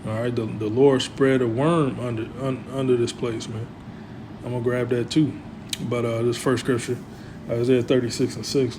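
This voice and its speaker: A man's voice: medium pitch, flat delivery, normal speed. Rambling male preacher over a hum. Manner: rambling, filler-heavy, trailing off quietly. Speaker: religious commentator. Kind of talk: religious commentary vlog.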